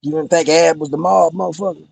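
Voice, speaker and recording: A man's voice: fairly high pitch, fairly even intonation, fast, gravelly, darkish tone, breathy edge, dry recording. A man, a former pro wrestler, delivering a heated, profane, menacing promo-style rant as a podcast guest. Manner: menacing, profane, repeats "bro".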